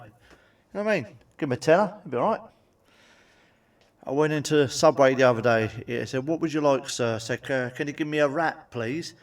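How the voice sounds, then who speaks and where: A man's voice: fairly high pitch, fairly quick, far from the mic. A man telling blunt, sweary stand-up jokes and tagging them with cheeky questions. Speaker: stand-up comedian. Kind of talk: stand-up joke monologue.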